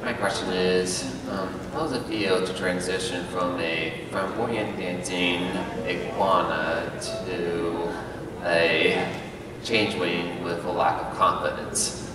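A man from the audience asking a question at a convention panel, halting with fillers. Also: sits low, steady tone, a loud crowd. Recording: echoey hall from far off.

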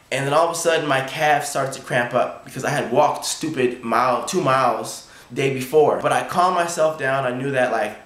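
A young man excitedly retelling a sports story in a casual vlog, acting out his own thoughts. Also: mid-range voice, roomy sound. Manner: excited, animated retelling with quoted inner thoughts. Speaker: college triple jumper.

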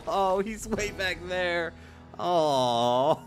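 A man streaming a game live, excitable and laughing often, swinging between loud shouts and low mutters. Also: measured pace, soft background music. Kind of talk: live gameplay commentary.

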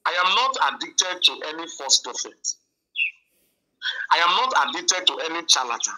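A man's voice: on the high side, very animated, moderate pace, bright, forceful tone, low-quality recording. A man calling in, angry and accusing, repeating himself as he argues. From Nigeria. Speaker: caller.

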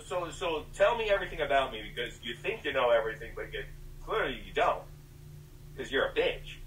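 A man's voice: mid-range voice, lively intonation, brisk, a bit bright, slight background noise. A man in a hostile, swearing argument on an on-air call. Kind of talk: heated insult exchange. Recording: echoey, distant call audio.

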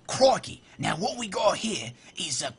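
A man putting on an excitable Australian wildlife presenter voice, with an exclamatory manner. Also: high-pitched, unhurried, slightly rough, pitched above the performer's own voice, heavily acted. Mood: excited. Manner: enthusiastic, exclamatory.

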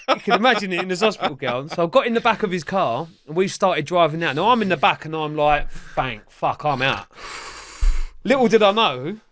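Animated swearing man telling tales. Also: high-pitched, dry recording, studio quality. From England. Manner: animated, swears freely, acts out the voices of others. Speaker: interview guest. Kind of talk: storytelling in a podcast interview.

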